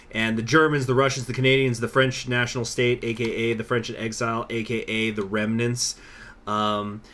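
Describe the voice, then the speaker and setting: Young guy streaming a strategy game, rambly, cusses a lot, mid pitched voice. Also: fairly bright tone. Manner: rambling, swears freely, many fillers. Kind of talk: casual live-stream commentary.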